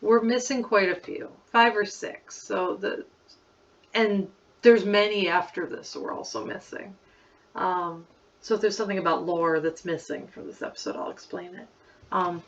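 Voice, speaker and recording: Giggly, rambling woman with a lowish voice. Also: steady tone, moderate pace, far from the mic. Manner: chatty and giggly, rambling with many "like" fillers. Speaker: creator revisiting her childhood slideshows. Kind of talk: casual screen-recording commentary. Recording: slightly muffled lo-fi recording.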